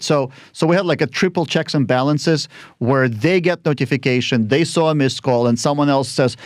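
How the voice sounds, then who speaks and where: A man, a lawyer guesting on a podcast, telling quick stories and acting out the client dialogue himself. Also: medium pitch, no room sound, clean studio sound. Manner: quick storytelling that acts out phone calls and client dialogue. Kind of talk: casual interview talk.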